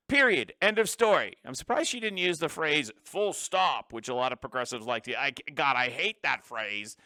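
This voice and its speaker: A man's voice: a little high, very animated, moderate pace, sharp tone, no room sound, clean studio sound. A man hosting a solo political commentary show, talking in an emphatic, opinionated way. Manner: emphatic, opinionated, with frequent restarts.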